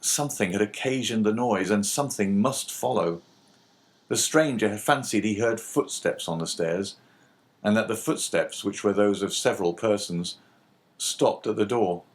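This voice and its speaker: A man reads a classic novel aloud in a steady, measured way, fitting for an audiobook. His voice sits fairly low and even. The narration is unhurried and plainly told.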